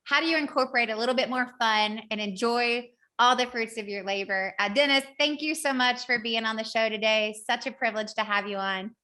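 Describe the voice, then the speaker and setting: A woman's voice: a little high, brisk, few pauses, bright, forceful tone. A woman with a Southern US accent hosting a podcast, chatty and upbeat, saying y'all often. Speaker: podcast host. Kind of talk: casual podcast talk and recap.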